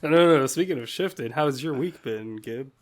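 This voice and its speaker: A man's voice: mid-range voice, animated, moderate pace. A man co-hosting a podcast in casual, playful chat, teasing his friend and laughing often. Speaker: podcast co-host.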